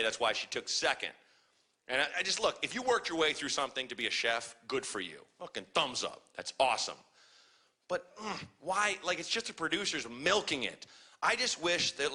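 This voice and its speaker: A man doing a profane stand-up comedy set on a club stage, telling stories and acting out other people's voices. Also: mid-range voice. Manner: profane, animated storytelling with acted-out voices.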